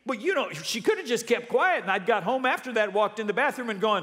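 A man's voice: high voice, unhurried. A male pastor preaching a sermon, telling stories with animation and calling out to his congregation. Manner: animated storytelling, calls out to congregation. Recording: long reverb of a large hall.

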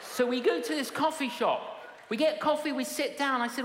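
Woman preacher, emphatic sermon, higher voice, long hall reverb, faint room noise. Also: normal speed. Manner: emphatic, humorous, with repetition and punchlines.

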